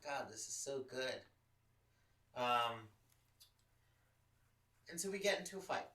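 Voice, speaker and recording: A man's voice: medium pitch, animated, takes it slowly, pushed and bright, echoey room, far from the mic, rough recording. Profane, candid man telling a story. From Los Angeles. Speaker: podcast host. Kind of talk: casual chat, storytelling.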